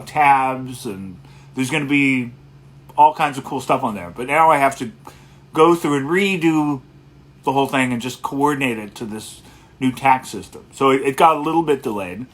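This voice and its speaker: A man, mid-pitched, who hosts a laid-back late-night livestream as a guitarist. He rambles easily, with plenty of pauses, and greets his viewers by where they are writing from. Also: a bit bright. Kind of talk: casual livestream chat.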